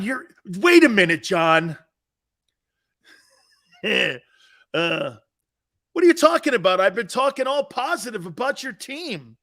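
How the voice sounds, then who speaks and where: Animated man hosting a sports show. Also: very high voice. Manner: animated, bantering, often laughing. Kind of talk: casual live-stream talk, reading viewer chat.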